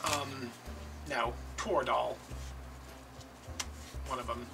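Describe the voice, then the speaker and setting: A man telling a long casual story while he crafts at home, chatty and animated. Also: medium pitch, slow pace, gravelly. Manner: animated, chatty, slips into quoted voices. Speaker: craft video host. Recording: distant mic with background music.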